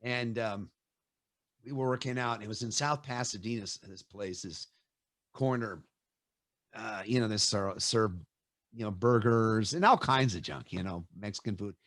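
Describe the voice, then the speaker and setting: A middle-aged man hosting an interview, telling stories in a lively way and acting out quotes with laughs. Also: fairly low pitch, moderate pace, no echo, clean studio sound. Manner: animated storyteller, acts out quotes with laughs. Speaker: host. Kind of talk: casual storytelling interview.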